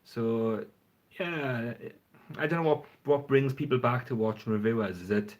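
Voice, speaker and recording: A man's voice: mid-range voice, unhurried. A man chatting casually and frankly on a phone livestream, rambling and swearing now and then. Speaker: fragrance reviewer. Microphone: phone front camera.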